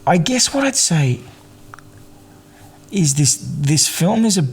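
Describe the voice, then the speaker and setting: A man's voice: fairly high pitch, sing-song, takes it slowly, slight background noise. A man hosting a solo film commentary in a casual, rambling way, with many fillers and restarts and a wry, amused tone. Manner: wry, amused at the film's absurdities. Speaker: podcast host, film commentator.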